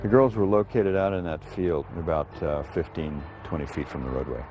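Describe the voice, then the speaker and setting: Male detective, very low voice, plain hesitant speech, music behind. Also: fairly quick, darkish tone. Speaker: police detective. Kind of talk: interview recollection. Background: music underscore.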